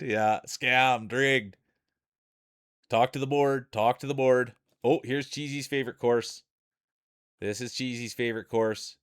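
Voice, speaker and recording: A man's voice: medium pitch, a bit bright. Chatty Canadian man calling races. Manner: chatty play-by-play with frequent laughs. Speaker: streamer. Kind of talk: casual live-stream commentary.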